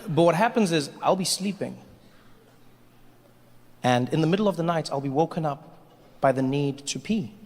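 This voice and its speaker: Animated high-voiced male stand-up comic. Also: normal speed, pauses often. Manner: animated storytelling that slips in and out of character voices. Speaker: stand-up comedian. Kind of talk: stand-up comedy set. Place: live comedy stage in a large hall. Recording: stage mic with long hall reverb, faint hiss.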